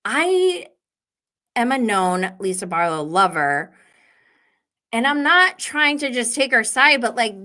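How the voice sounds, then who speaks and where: Slow-talking, giggly woman host. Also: a little high, fairly bright tone. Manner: chatty and giggly, reading viewer comments aloud. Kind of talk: live show recapping reality TV.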